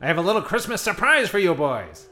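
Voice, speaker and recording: Acting in a comedy radio play, a man voices a rich, stingy tycoon with a high, pushed, bright voice whose pitch swoops wildly. The performance is heavily acted, cheery, gleeful, chirpy, and quick to laugh.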